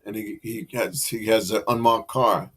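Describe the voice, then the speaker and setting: A man's voice: fairly low pitch, fairly even intonation, normal speed, husky. A man chatting casually on a livestream, agreeable and easygoing as he tells a story of his own. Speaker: stream co-host.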